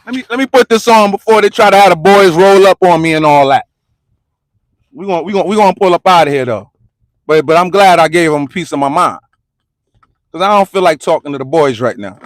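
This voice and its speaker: A man from the United States with a very high voice rants in a heated street vlog, hammering the same slangy lines again and again. His voice is close and dry on a phone mic, with no room sound. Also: animated, fairly quick, dry recording. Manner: repetitive, slangy, confrontational ranting. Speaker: vlogger and commentator. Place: parked car.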